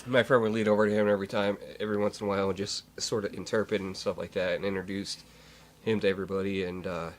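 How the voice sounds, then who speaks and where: A man with a slightly low voice chats casually as a podcast co-host. He rambles, restarts his sentences and fills gaps with "uh". A faint ambient hiss sits behind him. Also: flat delivery, fast talker. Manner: rambling, many restarts and fillers. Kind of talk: casual chat.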